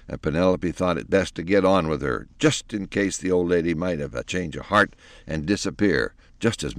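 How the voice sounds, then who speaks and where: Deep-voiced man reading a storybook. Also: vocal fry, no echo. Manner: expressive, animated reading. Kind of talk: storybook narration.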